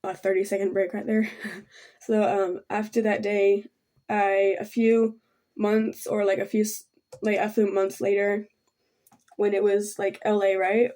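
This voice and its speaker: A young woman chats through a personal story as she does her makeup, halting and rambling with constant fillers. Her voice stays mellow and low in tone, with little rise and fall. She sounds soft and keeps apologizing. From Thailand. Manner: halting and rambling, full of ums and likes. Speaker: vlogger. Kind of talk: casual storytime while doing makeup.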